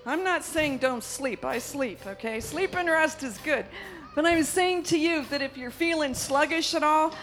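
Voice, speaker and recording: A middle-aged woman preaching a charismatic sermon, breaking into laughter and shouts of praise between calmer stories. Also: high-pitched, unhurried, soft background music.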